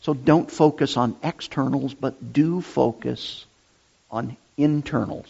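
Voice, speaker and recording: Slow, emphatic male preacher. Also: medium pitch, vocal fry, dark tone, breathy edge. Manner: deliberate, emphatic, repeats key phrases. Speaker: pastor. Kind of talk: sermon. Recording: dull lo-fi sound.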